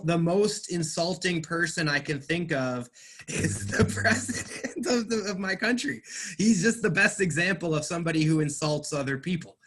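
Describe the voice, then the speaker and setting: A man teaching an English class, explaining words patiently and clearly and praising his students. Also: a little high, fairly bright tone. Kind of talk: online class recap.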